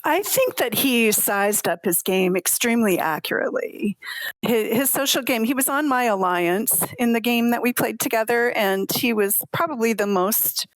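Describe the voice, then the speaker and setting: A woman co-hosting a podcast, sharing her view in a thoughtful, casual way and restarting now and then. Her voice is fairly high, and it sounds dry and close with almost no room around it. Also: lively intonation, moderate pace, no room sound, poor audio. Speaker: podcast co-host. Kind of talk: casual chat.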